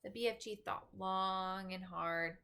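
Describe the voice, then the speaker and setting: A woman's voice: medium pitch, fairly even intonation, slow, sharp tone, a little hiss or hum. A woman teacher reading a children's book aloud and explaining to her students. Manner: clear storytelling, then explaining to students.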